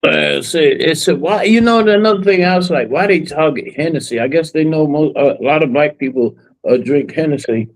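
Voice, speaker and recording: A man with a high voice leads a casual podcast chat. He feels his way through questions with many uh's and restarts. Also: fairly quick, vocal fry, hardly any pauses, poor audio. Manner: hesitant, many fillers and restarts, asks questions.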